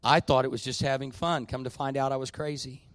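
A man preaching a sermon, dropping to quiet confiding and rising to loud, drawn-out peaks. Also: medium pitch, little pitch movement, no room sound. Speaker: pastor.

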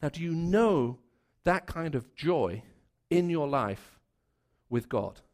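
A man raised in the Middle East preaches a sermon to a live congregation, speaking slowly in a fairly high, darkish voice with lively intonation. His delivery is conversational and story-driven, full of restarts and fillers.

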